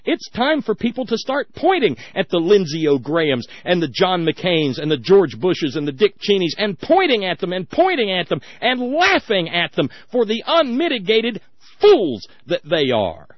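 A man's voice: high voice, sing-song, normal speed, hardly any pauses, no room sound, muffled recording. Sarcastic ranting male radio talk host. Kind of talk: political call-in radio commentary.

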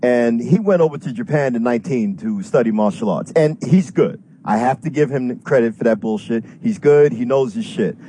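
A man's voice: medium pitch, moderate pace, hardly any pauses, warm tone, a little hiss or hum. A man calling in to a talk show, ranting at length in a heated, profane way and swearing constantly. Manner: profane, fired-up, heavy swearing. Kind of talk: heated call-in rant.

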